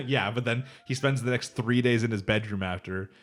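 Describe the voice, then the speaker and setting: A man's voice: mid-range voice, normal speed. A man co-hosting a podcast, casually retelling an anime episode and acting out the characters' lines, with plenty of swearing and laughter. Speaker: podcast co-host. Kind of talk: casual anime recap chat.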